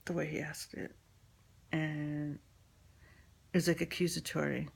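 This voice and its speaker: A woman's voice: sits low, level tone, unhurried, vocal fry, breathy edge. A woman in her forties from New York telling a personal story in a frank, rambling way with lots of fillers and swearing.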